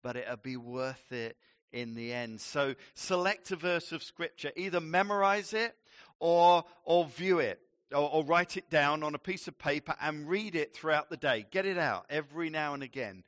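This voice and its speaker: A man preaching a sermon as a pastor, teaching in a slow, emphatic way with playful asides. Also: on the high side, fairly bright tone, dry recording, clean studio sound.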